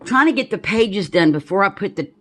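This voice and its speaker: A woman's voice: medium pitch, expressive, brisk, fairly bright tone. Chatty Southern woman crafting at home. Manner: chatty, thinks aloud, rambling asides. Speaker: crafter demonstrating a journal. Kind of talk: casual crafting chat.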